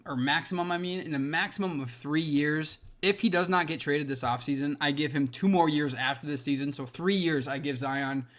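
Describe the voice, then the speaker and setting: A young man from Minnesota ranting about basketball trades in a loose, profane, excitable way. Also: a little high. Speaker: sports commentator. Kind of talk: casual opinion rant.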